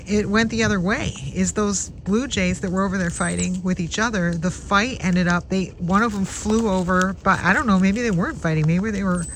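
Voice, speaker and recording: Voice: mid-range voice, normal speed, few pauses, rough recording. A vlogger outdoors in a backyard, casually telling a rambling story with asides and restarts. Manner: chatty, digressive, with many restarts and asides. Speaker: backyard bird-watching vlogger. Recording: steady outdoor background noise.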